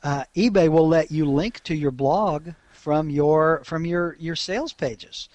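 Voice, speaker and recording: A man talks through a casual podcast as co-host, chatty and quick to laugh. His voice sits a little high for a man. The sound is dry and close, with no room around it. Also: darkish tone, no room sound. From Alabama. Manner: chatty, laughs often, frequent restarts.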